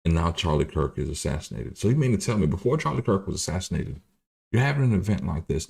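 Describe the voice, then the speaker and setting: A man's voice: low-pitched, big pitch swings, fast, vocal fry, darkish tone. A man hosting a livestream, giving loose, profane political commentary with many restarts. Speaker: livestream host.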